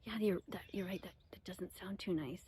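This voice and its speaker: A woman voicing a hesitant, mild-mannered male priest who speaks softly and trails off. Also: high voice, big pitch swings, fast talker, slight background noise. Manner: soft, unsure, trailing off.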